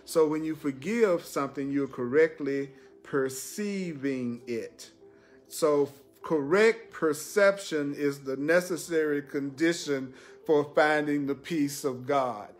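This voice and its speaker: A man gives a spiritual teaching on a live stream, hammering his points home through repetition and laughing easily. His voice sits a little high for a man. Soft music plays faintly in the background. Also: takes it slowly. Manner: emphatic, repeats phrases, laughs often.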